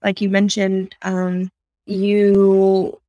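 A woman in her thirties from San Antonio talks easily as an interview guest. She tells stories with animated energy and slips into voices for the people she quotes. Her voice sits at a medium pitch and sounds dry and close to the mic. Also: drawn-out words, no echo, dull audio. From South Side of San Antonio, Texas. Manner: animated storyteller who acts out voices in quotes. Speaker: podcast guest. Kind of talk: casual conversational interview.

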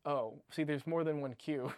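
A man's voice: fairly high pitch, fairly even intonation, unhurried, darkish tone, no echo. A man co-hosting a podcast, bickering casually with his friend, often laughing and teasing in exasperation. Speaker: podcast co-host.

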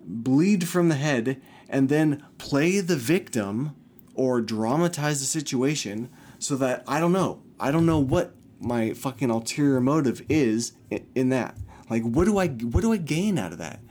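A man's voice: mid-range voice, lively intonation, darkish tone. Agitated young man venting, swearing freely. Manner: agitated, swears a lot, halting restarts. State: upset. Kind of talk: venting personal story to camera.

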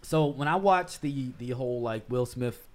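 A man's voice: medium pitch, normal speed. A man hosting a casual podcast chat, talking in a laid-back, slangy, storytelling way. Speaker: podcast host.

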